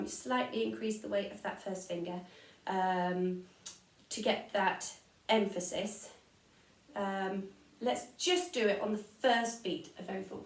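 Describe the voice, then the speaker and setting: A violin plays as an English-accented woman runs an online string class, talking through beats and counting the rhythm. Her mid-range voice comes from far off the mic, in an echoey room.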